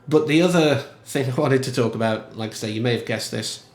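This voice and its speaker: A man giving casual, emphatic film commentary in a chatty, animated way. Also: medium pitch, brisk, echoey room. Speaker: film reviewer.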